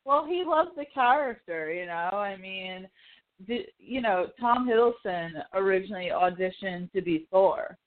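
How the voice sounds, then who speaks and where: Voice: medium pitch, expressive, unhurried. A podcast host chatting casually about films, rambling with lots of fillers and frequent swearing. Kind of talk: casual pop-culture chat. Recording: phone-like narrow band.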